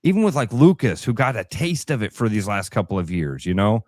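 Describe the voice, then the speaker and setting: A man's voice: on the low side, sing-song, fairly quick, darkish tone, no room sound, studio quality. A man co-hosting a radio show in casual chat, emotional and rambling, often restarting his sentences. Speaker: radio co-host. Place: radio studio.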